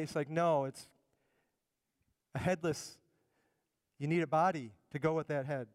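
A man's voice: fairly high pitch, fairly even intonation, measured pace, long pauses. A middle-aged man preaching a sermon to his congregation in a church, talking in a conversational way and often repeating words as he builds a point. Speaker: pastor. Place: church sanctuary. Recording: long hall reverb.

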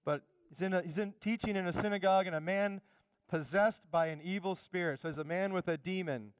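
A middle-aged male pastor preaches with fervent, emphatic conviction in a smooth, resonant voice that sits slightly high for a man. He is close and dry on the mic, with no room echo. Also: brisk. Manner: fervent, emphatic preaching that drops to quiet asides. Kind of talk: sermon.

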